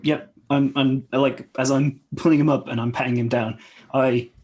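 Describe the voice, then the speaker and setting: A man's voice: mid-range voice, steady tone, normal speed, a little mellow. A man playing a tabletop game, answering in character in a chatty, hesitant way. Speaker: player. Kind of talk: casual tabletop play.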